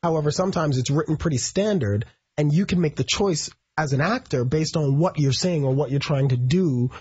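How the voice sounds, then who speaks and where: A man, a stage actor, explaining his craft in a radio interview in a thoughtful way with pauses. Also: fairly high pitch, darkish tone, slightly rough, dry recording. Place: radio studio. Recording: dull lo-fi radio broadcast audio.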